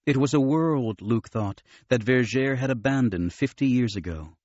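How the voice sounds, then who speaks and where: A man narrating an audiobook with steady, expressive storytelling. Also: mid-range voice, moderate pace, dry recording. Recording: dull, dry studio recording.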